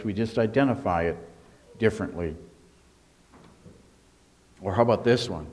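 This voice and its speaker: A man preaching a sermon as pastor, emphatic, swinging between hushed and raised delivery. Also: fairly low pitch, moderate pace, pauses often.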